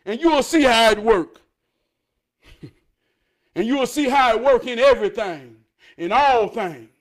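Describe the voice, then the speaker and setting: A man giving an emotional motivational monologue, fervent and preachy, cursing and laughing, swinging between loud outbursts and hushed talk. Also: very high-pitched, animated, a little slow. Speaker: motivational speaker.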